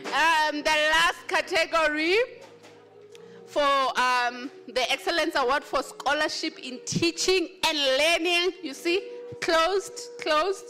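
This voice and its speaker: High-pitched lively woman host. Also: slow pace, pauses often, soft background music. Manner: exuberant, teasing, cheering with shouts. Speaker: awards ceremony host. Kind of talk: announcing award winners. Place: large function hall.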